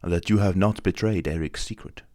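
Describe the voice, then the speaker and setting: A man reading an audiobook, voicing a grave, cautious stranger who speaks in calm, measured warnings. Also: deep voice, dry recording, studio quality, natural voice. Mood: guarded. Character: grave, mysterious male stranger, cautious and secretive.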